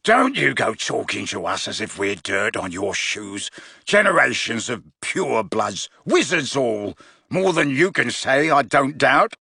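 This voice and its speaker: A boastful, bitter old wizard patriarch, voiced by a man reading aloud. He yells his pride in slow, scornful words. The sound is dry and close, with no room around it. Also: mid-range voice, very animated, vocal fry, slightly rough, no room sound, full character voice. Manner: yelling, scornful, slow and drawn out. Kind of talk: audiobook-style reading of a novel.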